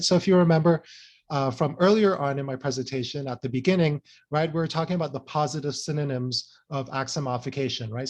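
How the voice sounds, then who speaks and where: A man giving an academic presentation, explaining points earnestly and checking in with frequent "right?" and "you know" tags. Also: fairly high pitch.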